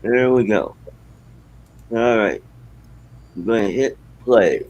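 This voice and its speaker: A man speaking as a low-key guest on a video call panel. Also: expressive, slow pace, a little mellow, poor audio. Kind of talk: casual chat.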